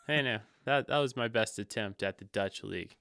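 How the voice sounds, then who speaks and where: A young man co-hosting a casual sports chat, excitable and rambling, with frequent restarts. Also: mid-range voice, moderate pace, gravelly, no room sound, clean studio sound. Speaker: podcast co-host.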